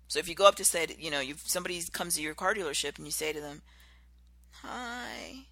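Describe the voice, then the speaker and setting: Podcast host, motivational talk, sharp bright tone, gravelly edges, acts out examples. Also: medium pitch. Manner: animated, acts out contrasting example voices.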